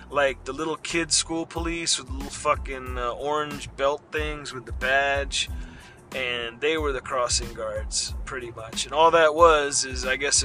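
Profane ranting man, sharp voice. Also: mid-range voice. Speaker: podcast host. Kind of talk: ranting monologue.

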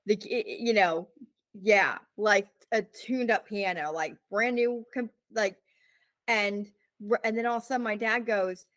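A female podcast co-host tells a story in a loose, animated chat, leaning on "like" and "you know" and acting out every quote. Her voice is middle-pitched for a woman and measured in pace, recorded dry and close with no room around it.

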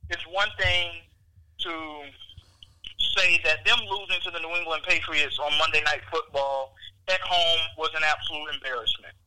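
A man calling in by phone to a sports talk show, giving emphatic, measured opinions. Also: fairly high pitch, steady tone, noisy background. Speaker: caller. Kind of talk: sports commentary. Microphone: phone call.

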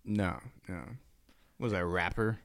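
A man's voice: low voice, fairly even intonation, unhurried, no room sound. A man co-hosting a podcast, rambling and laughing, with casual swearing. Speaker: podcast co-host. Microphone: studio microphone.

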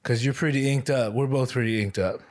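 A man's voice: medium pitch, brisk. Laid-back man telling loose stories. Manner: laid-back, profane storytelling with slang. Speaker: podcast host. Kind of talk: casual chat.

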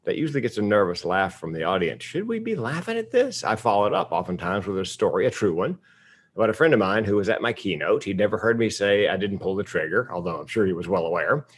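A man in his fifties from the United States, telling a personal story in a public talk with comic timing and deadpan asides. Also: deep voice, fast, husky. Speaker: speaker.

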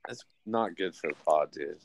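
A man's voice: low voice, moderate pace, vocal fry, no echo. A young man hosting a podcast in casual chat, joking and teasing with plenty of swearing. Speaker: podcast host.

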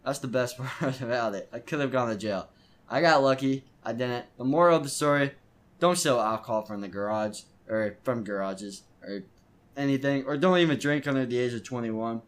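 A man's voice: medium pitch, moderate pace. A teenage boy hosting his own podcast, telling a story in a loose, rambling way with lots of stumbles and restarts. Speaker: podcast host. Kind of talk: casual storytelling monologue.

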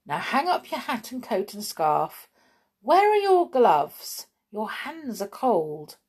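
Lady acting out a strict mum scolding her kid, firm, a bit raised, husky, lively, storybook. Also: fairly high pitch, slow, voice pushed up, heavily acted. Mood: brisk. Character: strict, vexed mother of a young girl.

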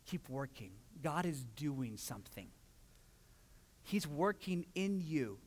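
A man preaching a sermon as pastor, telling stories and acting out quotes with lively energy. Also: fairly high pitch, slow, slight background noise. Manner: animated storytelling with acted-out quotes. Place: church sanctuary. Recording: long hall reverb.

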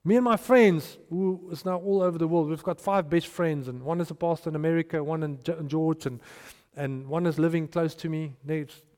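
A man preaching a sermon, animated and storytelling, with restarts and hushed asides. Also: fairly high pitch, a little fast, hardly any pauses. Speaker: pastor. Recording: long hall reverb.

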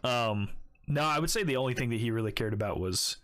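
A man's voice: medium pitch, animated, fast talker, fairly bright tone. A young man co-hosting a podcast, telling crude stories in casual chat with lots of laughing. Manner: crude, laughing, storytelling with put-on quotes. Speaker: podcast co-host.

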